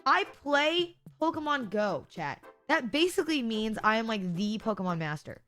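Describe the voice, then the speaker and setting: Woman streamer, giggly and sarcastic, rambles to chat, slightly higher voice, faint music underneath. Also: very animated, normal speed, a bit bright. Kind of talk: casual live-stream chat.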